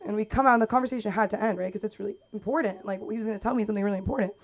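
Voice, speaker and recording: A woman's voice: medium pitch, racing. A young woman doing a stand-up set on a comedy club stage, chatty and rambling, acting out quotes. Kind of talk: stand-up set at an open mic. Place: comedy club stage under bright lights.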